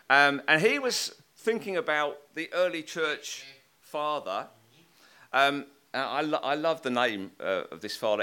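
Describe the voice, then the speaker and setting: Bright-voiced man teaching scripture. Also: medium pitch. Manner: thoughtful, hesitant, many restarts and fillers; reads scripture aloud with rising emphasis. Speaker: preacher. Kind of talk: Bible teaching talk with slides.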